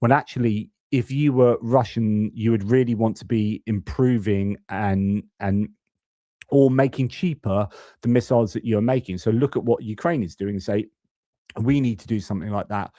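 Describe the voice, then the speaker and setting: A man rambles through casual live stream commentary on war news, full of fillers and restarts. His voice is low and mellow. The sound is dry and close. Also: moderate pace, no echo.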